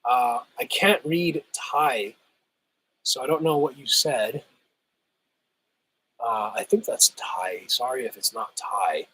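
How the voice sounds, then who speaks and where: A man hosting a casual livestream, reading chat and answering viewers, his voice still rough as he recovers from a cold. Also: mid-range voice, takes it slowly, long pauses, bright, forceful tone, a little hiss or hum, rough recording. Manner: laid-back, chatty, laughs often, says "hell yeah".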